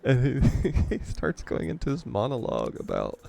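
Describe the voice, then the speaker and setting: A man with a low, gravelly voice chats casually over a game, rambling through anecdotes and chuckling between remarks. His tone is dark and mellow, with faint game music underneath. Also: big pitch swings, moderate pace, hardly any pauses. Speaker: gaming channel host. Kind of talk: casual storytelling over gameplay.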